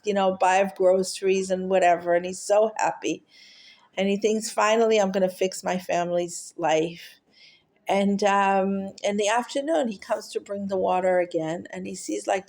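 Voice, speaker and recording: A woman telling a heartfelt teaching story, halting often with fillers and restarts. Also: medium pitch, vocal fry, darkish tone. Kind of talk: storytelling talk.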